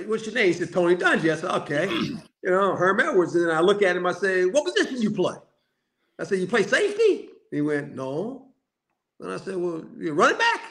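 An older man with a slightly raised voice spins animated football stories. He acts out the other people's lines and breaks into laughter often. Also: high voice. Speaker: guest, former coach and player. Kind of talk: storytelling phone-in chat.

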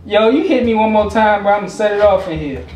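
A young man pranking his girlfriend, talking in an exaggerated sassy feminine voice and pleading in drawn-out phrases. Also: high voice, darkish tone, distant mic. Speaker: prank vlogger. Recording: roomy room, off-mic, music behind.

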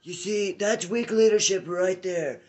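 A man doing a high, boastful older ex-president. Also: unhurried, a little mellow. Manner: boastful, mixes up names. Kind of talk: comedic impression sketch.

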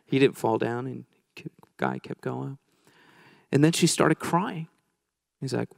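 Gravelly, joking storyteller preacher man. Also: medium pitch, unhurried, pauses often, dry recording, studio quality. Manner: conversational, joking, acts out quoted voices. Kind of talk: storytelling sermon.

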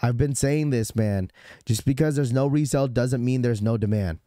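A hoarse man hosts a sneaker livestream in loose, rambling casual chat, his voice strained by a sore throat. He sits at a middling pitch. The sound is dry and close, with no room around it. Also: moderate pace, dark tone, no echo. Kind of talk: casual live-stream chat.

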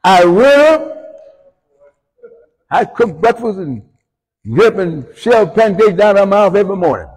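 A man with a fairly high, husky voice preaches in a folksy storytelling way, moving between quiet, low lines and loud, high shouts. His sermon rings out with the long reverb of a church hall. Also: lively intonation, moderate pace. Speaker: pastor. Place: church sanctuary.

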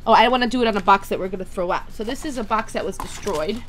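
A woman hosting a toy unboxing video, chatty and excitable, talking straight to her viewers. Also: medium pitch, fast talker, soft background music. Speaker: toy unboxing channel host. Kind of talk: casual unboxing chat.

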